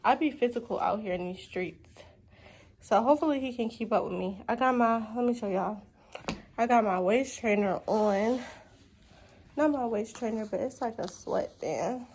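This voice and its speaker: A woman's voice: a little high, moderate pace, a little mellow. A woman vlogger chatting casually and talking straight to her viewers. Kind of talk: casual vlog chat.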